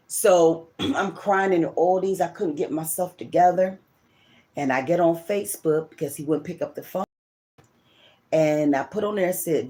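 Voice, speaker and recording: A woman's voice: lowish voice, moderate pace, warm tone. A middle-aged woman and channel host telling a personal story in a rambling, emotional way, often repeating herself. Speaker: tarot reader and channel host.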